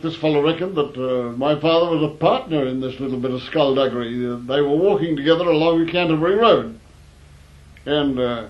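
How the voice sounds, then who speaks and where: A man telling old anecdotes in a wry, rambling way, in a dull lo-fi recording. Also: a little high. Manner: wry, rambling, with fillers and restarts. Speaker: storyteller. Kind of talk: anecdotal storytelling.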